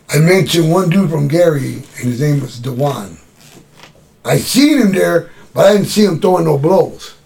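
Guy with a gravelly voice spinning a rough street story, cussing a lot, slightly high pitched, faint room noise. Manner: profane, animated street storyteller acting out quotes. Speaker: guest telling a story. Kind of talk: casual storytelling.

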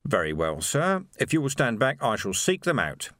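A man voicing a weary police sergeant who speaks calmly and with dry patience. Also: medium pitch, moderate pace, dry recording.

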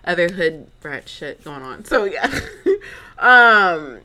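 Young woman host, lively dramatic storyteller, bright lower voice. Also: slow. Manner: chatty, dramatic, lots of fillers and asides. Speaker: podcast host. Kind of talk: casual storytelling monologue.

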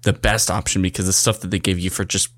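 A man's voice: deep voice, level tone, fast, fairly bright tone, dry recording. Easygoing man rambling on a tech podcast. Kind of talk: casual tech news chat.

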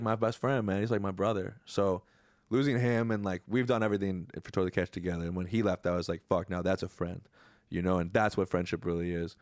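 A man's voice: lowish voice, dry recording, clean studio sound. A man co-hosting a podcast, telling a story in a loose, profane, emotional way while tearing up. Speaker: podcast co-host. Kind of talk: casual podcast banter.

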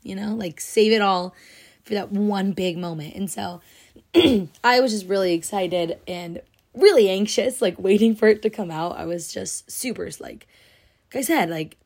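On her solo podcast, a young woman talks casually at normal speed in an expressive, mid-range voice with a darkish tone. She gushes, leans heavily on "like," and seems teary, almost crying.

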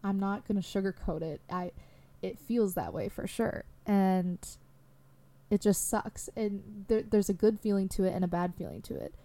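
A woman's voice: medium pitch, moderate pace, warm tone. A young adult woman hosting a solo podcast, talking candidly in a rambling way with lots of fillers. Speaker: podcast host.

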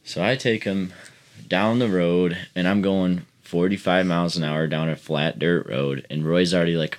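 A low-pitched man spins a rowdy, profanity-laced story among friends. His talk rambles and restarts as he relives the chaos, in a loose podcast chat. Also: steady tone, moderate pace. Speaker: podcast co-host.

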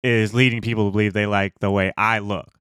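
A man's voice: on the low side, little pitch movement, quick pace, fairly bright tone, clear, resonant tone, no room sound, clean studio sound. A man co-hosting a podcast in casual chat, joking and self-mocking as he rambles along. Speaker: podcast co-host.

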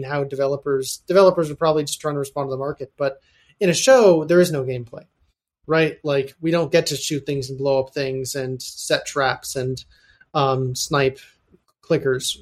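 A man co-hosting a podcast in casual chat, thoughtful and hesitant with pauses. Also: on the high side. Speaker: podcast co-host.

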